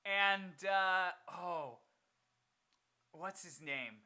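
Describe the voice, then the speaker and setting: Young male co-host, bright tone, loose rambling banter, forgets names. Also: high-pitched, drawn-out words, clean tone. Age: 20s. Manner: rambling, laughs often, searches for names. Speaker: podcast co-host. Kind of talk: casual chat.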